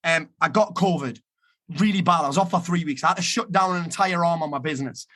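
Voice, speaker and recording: A man's voice: on the high side, fast, pushed and bright. A man giving a blunt, emphatic motivational talk, swearing freely as he urges listeners to act. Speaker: motivational speaker.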